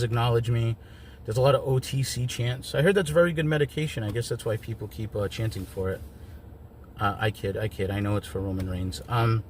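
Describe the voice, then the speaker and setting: A man's voice: medium pitch, slight background noise. A man giving a casual solo review of wrestling shows, chatty and wry, with lots of ums and joking asides.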